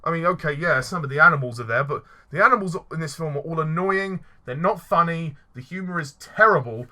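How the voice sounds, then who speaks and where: A man rants his way through a film review with a bright, forceful voice. He sounds fed up, swears freely and keeps stumbling and restarting his sentences. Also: a little high, a little fast. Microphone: voice-only recording.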